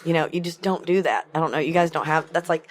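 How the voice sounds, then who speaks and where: Animated, laughing woman telling stories. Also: sits low, fast. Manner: animated, laughs often, swears freely. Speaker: podcast guest, musician. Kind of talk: casual storytelling chat. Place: tour bus.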